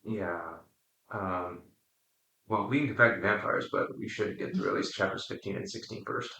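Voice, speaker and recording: A man leading a casual book discussion, explaining his thoughts carefully with frequent pauses. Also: low voice, creaky, pushed and bright. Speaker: book study discussion leader. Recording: roomy, distant mic.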